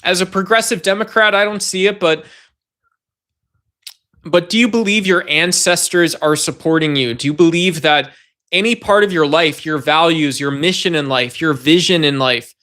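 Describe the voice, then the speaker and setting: A man with a high voice hosts a loose livestream. He rambles and speaks straight to the viewers in his chat, as if they were sitting with him. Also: normal speed, sharp tone. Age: adult. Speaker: livestream host. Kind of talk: casual livestream talk to chat.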